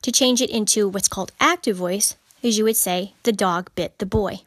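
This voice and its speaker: A woman's voice: medium pitch, a bit bright, no room sound, studio quality. A woman hosting a podcast on writing, explaining grammar in an informal, emphatic way and repeating key points. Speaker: podcast host teaching writing. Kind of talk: informal teaching monologue.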